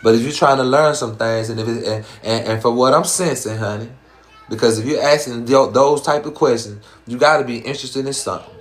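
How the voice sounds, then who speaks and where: A man's voice: mid-range voice, a little fast. A man with a Southern American accent, hosting a live stream in casual chat and talking in slangy, profane, rhyming streetwise patter. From Southern US, Georgia.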